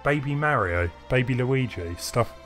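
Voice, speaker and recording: Over background music, a man with an expressive mid-range voice speaks a little slowly while co-hosting a game stream. His casual gaming chatter rambles, and he keeps restarting his thoughts and laughing.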